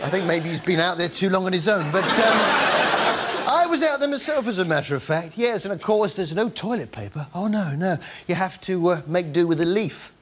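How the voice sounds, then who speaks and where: A man's voice: high-pitched, lively intonation, a little fast, noisy background. A man hosting a comedy show, giving giggly, mock-indignant commentary on TV clips. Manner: zany, giggly, mock-indignant, bursts into squeals.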